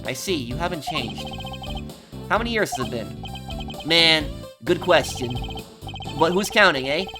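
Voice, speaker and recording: A man's voice: fairly high pitch, animated, unhurried. A slick, cocky male defense lawyer voiced by a man with a put-on accent, drawing his words out. Game music plays underneath. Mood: smug.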